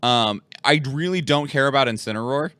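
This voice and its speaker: Guy on a podcast, crisp voice, dry close sound, chatty and rambly. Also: medium pitch, a little fast, fairly bright tone, dry recording. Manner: rambling, filler-heavy, laughs often. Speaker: podcast co-host. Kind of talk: casual chat.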